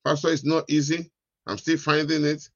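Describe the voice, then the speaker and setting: A man's voice: a little high, level tone, normal speed, fairly bright tone, dry recording, dull audio. A preacher voicing a bitter, wronged woman from his congregation, complaining insistently. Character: bitter, wronged middle-aged woman churchgoer.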